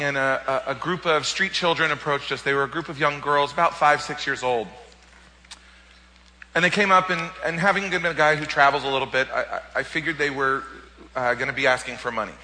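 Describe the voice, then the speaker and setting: A man preaching as a pastor, telling a personal story in an animated way and often repeating words. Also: a little high, long reverb tail, rough recording. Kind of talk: sermon testimony storytelling.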